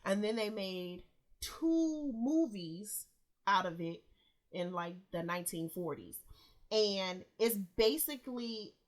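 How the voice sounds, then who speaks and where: A woman's voice: mid-range voice, animated, slow pace. A woman co-hosting a casual podcast chat, explaining things and acting out little scenes with quoted voices. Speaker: podcast co-host.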